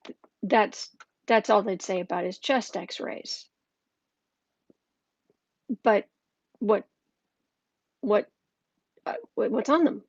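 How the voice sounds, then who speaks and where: A woman's voice: mid-range voice, slow pace, creaky, pauses often, slightly rough, no room sound, dull audio. A woman hosting a live political tarot stream, talking casually from home with lots of fillers and restarts. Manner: chatty, with frequent fillers and restarts. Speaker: political tarot reader and host. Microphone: camera mic.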